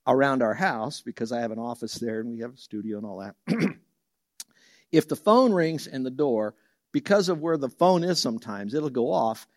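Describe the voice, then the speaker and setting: In a studio-quality recording with no echo, a male Bible teacher preaches at normal speed as a lively storyteller. He shares homely stories, jumping up in pitch and volume for quoted voices and falling soft and low when he reaches the verses.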